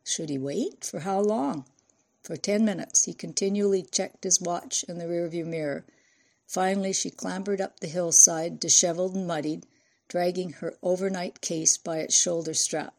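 A woman reading a novel aloud as an audiobook narrator, in a measured storytelling manner. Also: fairly low pitch, steady tone, gravelly, a little mellow. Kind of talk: scripted narration.

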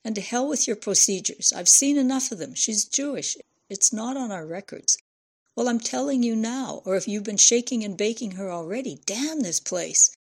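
A woman's voice: fairly high pitch, expressive, normal speed, a little mellow, breathy edge. A woman reading as a bitter, indignant older man. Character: grieving, angry older man.

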